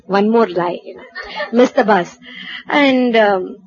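A woman from India, telling a personal anecdote in a lively way, acting out dialogue and laughing at herself. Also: mid-range voice, slow pace, muffled recording, a little hiss or hum. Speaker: storyteller. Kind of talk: personal anecdote told to an audience.

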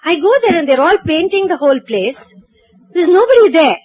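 A woman from India, telling a personal anecdote in a lively way, acting out dialogue and laughing at herself. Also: extremely high pitch, moderate pace, highs cut off. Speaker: storyteller. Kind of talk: personal anecdote told to an audience.

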